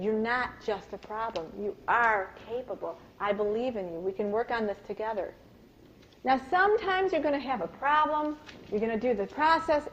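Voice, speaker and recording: Woman presenting a live parenting talk; lively storyteller, slightly high voice, muffled recording. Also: a little hiss or hum. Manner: animated storytelling, acts out quoted voices. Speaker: parenting workshop speaker. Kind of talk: live workshop talk to an audience.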